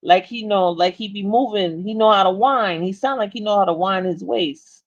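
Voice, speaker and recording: A woman co-hosting a casual chat show, animated and laughing, often repeating herself and restarting her sentences. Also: medium pitch, normal speed. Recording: dull lo-fi sound.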